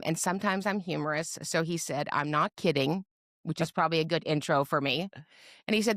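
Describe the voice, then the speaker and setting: A woman's voice: sits low, dry recording, clean studio sound. A middle-aged woman, a podcast guest and advocate, telling her story with humor and acting out the people she quotes. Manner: lively storyteller who acts out quoted voices with humor. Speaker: guest, special education advocate. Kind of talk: personal storytelling in a podcast interview.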